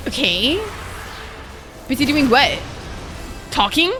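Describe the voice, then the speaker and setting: A woman's voice: a little high, moderate pace, pauses often, over music. Chatty, swearing young woman streamer. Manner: swears freely, chatty, excitable reactions. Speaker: game streamer. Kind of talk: casual live-stream chat.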